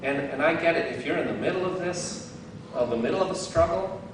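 A man's voice: on the high side, expressive, a little fast, noisy background. A man preaching a sermon as a guest speaker, candid and self-deprecating, with bursts of laughter. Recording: very echoey hall, heard from some distance.

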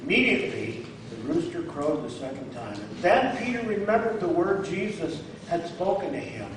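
A man's voice: a little high, big pitch swings, a little slow. A man filling in as preacher, giving a conversational sermon and checking in with his listeners. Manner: conversational, checks in with "all right?"; acts out quoted lines with rising emphasis. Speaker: guest preacher. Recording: very echoey, distant mic, faint noise.

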